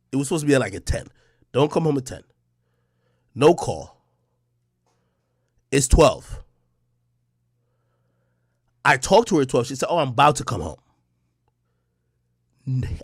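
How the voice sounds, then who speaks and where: A man's voice: mid-range voice, husky, no room sound, clean studio sound. A man streaming live, telling a story to his chat in casual, profane slang and acting out the dialogue.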